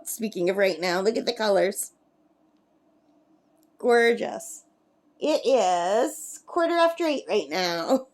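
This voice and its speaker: Chatty woman with a high voice. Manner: chatty, laughs often, coos at her pet bird. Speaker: craft vlogger. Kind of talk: casual chat to camera. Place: lakeside camp.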